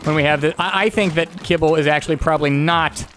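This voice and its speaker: A man's voice: on the high side, steady tone, fast, fairly bright tone, soft background music. A man co-hosting a casual podcast chat while gaming, joking and swearing casually. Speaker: podcast co-host.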